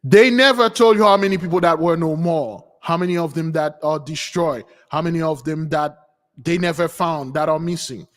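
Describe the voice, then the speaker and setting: A man's voice on the high side, at moderate pace, comes through with long reverb. He's a spiritual teacher hosting a casual livestream, rambling and frequently putting questions to viewers.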